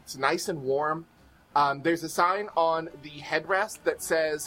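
A game master narrating a tabletop game, setting scenes in a playful, drawn-out way. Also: medium pitch, fairly bright tone, faint music behind.

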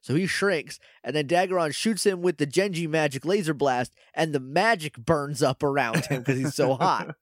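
A man's voice: on the high side, moderate pace, no echo, clean studio sound. A man co-hosting a podcast, recapping an episode in casual chat and acting out characters in funny voices. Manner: animated, does silly voices for characters. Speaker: podcast co-host.

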